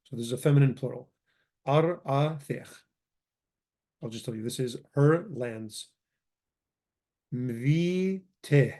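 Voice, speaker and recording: Guy teaching a language class, warm mellow voice, keeps correcting himself. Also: mid-range voice, steady tone, fast talker, hardly any pauses. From Chaldean community. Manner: explains patiently, corrects himself often. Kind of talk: casual grammar lesson.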